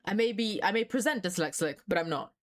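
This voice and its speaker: A young woman on a live stream, talking casually to her viewers in a scattered, chatty way. She swears freely and laughs often. Her voice sits at an ordinary middle pitch. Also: lively intonation, fast.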